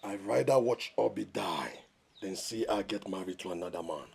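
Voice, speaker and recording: Defiant, obsessed suitor. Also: male voice, sits low, moderate pace, vocal fry, darkish tone, breathy edge, exaggerated voice. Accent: Nigerian. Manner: defiant, proclaiming. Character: obsessed defiant man, stubborn. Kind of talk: film acting.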